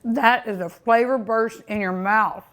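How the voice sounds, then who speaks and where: A woman's voice: a little high, fairly even intonation, measured pace, fairly bright tone. A woman hosting a cooking show, tasting her food with many delighted mmms and chatting to her dog and her viewers. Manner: sometimes talks with mouth full. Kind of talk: casual food tasting vlog.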